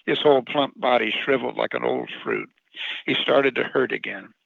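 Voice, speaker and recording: A man's voice: medium pitch, moderate pace, creaky, dry recording, muffled recording. A man reading a short story he wrote, with wry, sardonic narration, as a radio commentator. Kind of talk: reading his own short story aloud.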